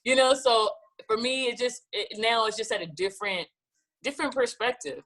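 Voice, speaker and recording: Woman guest singer, lively storyteller who slips into voices when quoting people. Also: a little high, moderate pace. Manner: animated, acts out quoted dialogue. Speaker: gospel singer-songwriter guest. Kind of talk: casual storytelling interview.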